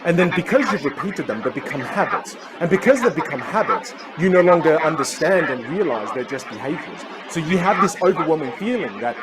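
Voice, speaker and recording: An energetic man coaching from a stage, emphatic and playful, his pitch swinging in a lively way. A loud audience and heavy noise sit under his voice. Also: fairly quick, hardly any pauses, a loud crowd. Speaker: communication coach. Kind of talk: live motivational talk on stage.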